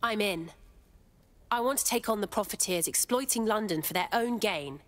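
A woman's voice: medium pitch, moderate pace, a bit bright, lightly acted. An actress playing an eager young female resistance recruit in a video game.

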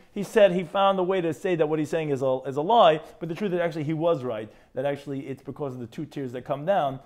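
A man, a rabbi, teaching a Talmud lesson, reading Aramaic phrases and translating each into English, with sudden animated jumps in his voice and frequent restarts. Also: on the high side. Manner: frequent restarts and repeated words. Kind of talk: Talmud lecture.

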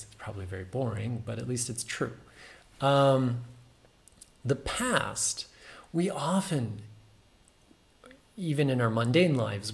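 Male host, gravelly voice, casual meditation talk, loose and musing. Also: mid-range voice. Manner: musing, many fillers, self-amused.

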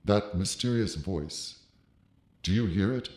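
Man doing a 1940s radio drama narrator, pompous, grave, very deep, echoey hall reverb, music bed. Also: a little mellow. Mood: flustered. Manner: grave, dramatic, drawn-out delivery.

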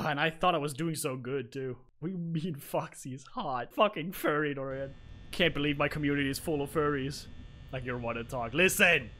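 A man's voice: on the high side, moderate pace, a bit bright, a little hiss or hum. A young man streaming a horror game live, swearing freely and bantering with his chat. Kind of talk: live gameplay commentary.

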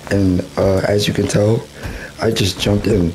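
Hoarse low-voiced man commenting on a race game. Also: flat delivery, unhurried, a little mellow, a little hiss or hum, poor audio. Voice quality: rough, smoker-like. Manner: chatty, laughs often, exclaims at the race. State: hoarse, voice going out. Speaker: gaming channel host. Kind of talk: casual gameplay commentary.

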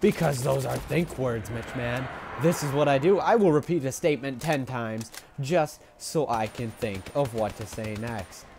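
A young man talks nonstop over a shooter game, his voice at an ordinary middle pitch. He gets excitable, swears freely and loops the same phrase over and over while he thinks. A faint hiss sits under his voice. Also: moderate pace, few pauses. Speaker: gameplay commentator. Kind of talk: live gameplay commentary.

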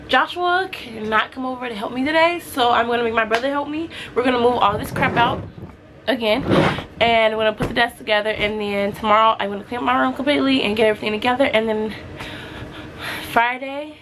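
A woman's voice: fairly high pitch, fairly quick, background noise. A teenage girl vlogging casually about doing up her small bedroom, chatty and self-mocking, a little congested from allergies. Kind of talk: casual vlog chat.

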